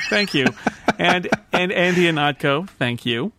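A man's voice: high-pitched, expressive, slow, gravelly, noisy background. A North American man hosting a podcast panel, chatty and jokey, laughing often as he wraps up. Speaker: podcast host. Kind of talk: casual panel podcast wrap-up.

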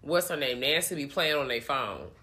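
A woman's voice: extremely low pitch, lively intonation, normal speed, pushed and bright. A woman in casual chat, chiming in with slangy jokes and reactions. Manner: reactive, joking interjections, slangy. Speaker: podcast co-host.

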